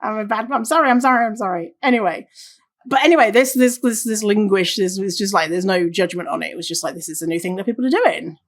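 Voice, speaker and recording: A woman's voice: mid-range voice, animated, fast talker. A woman hosting a solo podcast, talking casually and reading listener stories aloud. She swears freely and laughs often. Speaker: podcast host.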